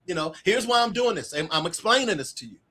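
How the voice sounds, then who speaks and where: A man's voice: high-pitched, fast, slight background noise. A middle-aged man, an author being interviewed, telling stories in a casual way and acting out the dialogue. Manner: animated storyteller acting out quoted dialogue. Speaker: author guest.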